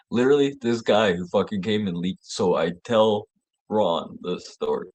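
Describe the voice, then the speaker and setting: A man with a lowish voice hosts his own show, telling a long story off the cuff. He rambles and swears freely. He laughs often, and his voice leaps up high whenever he gets worked up. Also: normal speed. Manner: rambling and profane, laughing, voice jumping high when excited. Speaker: show host. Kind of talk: casual storytelling monologue.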